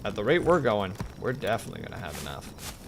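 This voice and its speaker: Male streamer, gravelly, lively and swooping delivery, casual chat with viewers over gameplay. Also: lowish voice, fast, heavy background noise. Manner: chatty, jumps between game and chat replies.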